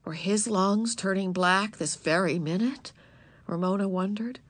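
A woman narrating a children's book, telling the story in a gentle, measured, expressive way. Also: medium pitch, dry recording. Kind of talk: children's audiobook reading.

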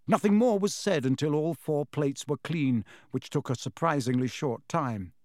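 A man's voice: fairly high pitch, moderate pace, darkish tone, no room sound, clean studio sound. A man narrating a storybook as an audiobook, reading expressively.

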